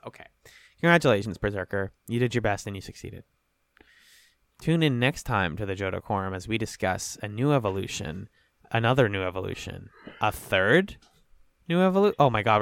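A man's voice: fairly low pitch, gravelly, clean tone, no room sound. A man co-hosting a casual podcast, joking and swearing freely, with a slight lisp. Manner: jokey, profane, reacts loudly. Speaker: podcast co-host. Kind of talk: casual chat.

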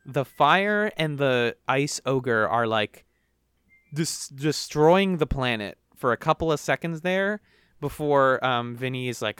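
A young man co-hosting a podcast, chatting casually and rambling through animated retellings. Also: mid-range voice, measured pace, clear, resonant tone, no room sound. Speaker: podcast co-host. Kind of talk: casual chat.

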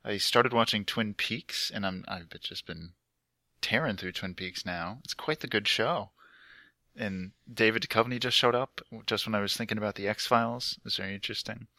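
A man's voice: fairly low pitch, moderate pace, gravelly, pushed and bright, no room sound. A young man on a laptop headset mic, telling a rambling story in casual podcast chat. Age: young adult. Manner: rambling, chatty storytelling with frequent "like" fillers. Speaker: podcast co-host.

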